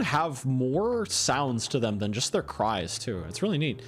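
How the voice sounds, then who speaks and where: A man's voice: medium pitch, big pitch swings, unhurried, hardly any pauses, soft background music. A man casually commenting while he plays a video game, chatty and thinking aloud. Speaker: streamer.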